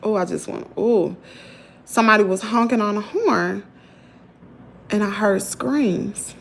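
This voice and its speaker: A middle-aged woman with a Southern US accent, telling a story to her viewers in an animated, chatty way. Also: medium pitch, measured pace, gravelly, slight background noise. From Mississippi, US. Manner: animated, talks to viewers as "y'all". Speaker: vlogger. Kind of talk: casual storytelling.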